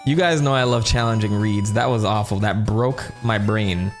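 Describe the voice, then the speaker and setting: A man streaming a game and chatting casually, joking in quick asides. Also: lowish voice, soft background music. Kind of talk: casual gameplay commentary.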